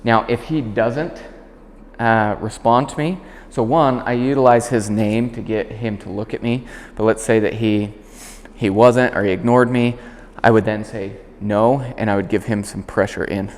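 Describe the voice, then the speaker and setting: Low-voiced man teaching dog training. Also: moderate pace, long reverb tail. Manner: explains calmly, then barks short clear commands at the dog. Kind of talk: instructional demonstration.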